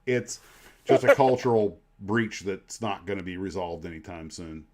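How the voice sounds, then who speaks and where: A man's voice: low voice, moderate pace. Rambling nostalgic middle-aged man. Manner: rambling, nostalgic storytelling with asides. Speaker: livestream host. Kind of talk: casual chat.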